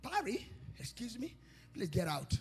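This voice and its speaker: A man's voice: high voice, very animated, takes it slowly, darkish tone, husky, long reverb tail, soft background music, pitched below the performer's own voice, heavily acted. A preacher playing a curt doorman turning someone away. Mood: dismissive. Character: stern male party doorman turning a guest away.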